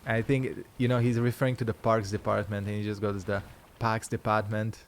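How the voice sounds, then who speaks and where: A man's voice: lowish voice, steady tone, quick pace, slight background noise. A man chatting casually while streaming a game, rambling and swearing freely. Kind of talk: casual gameplay commentary.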